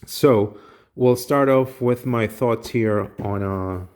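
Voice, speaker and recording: A man's voice: on the low side, takes it slowly. A man giving a casual, rambling toy unboxing review with many fillers. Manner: relaxed, rambling with frequent fillers.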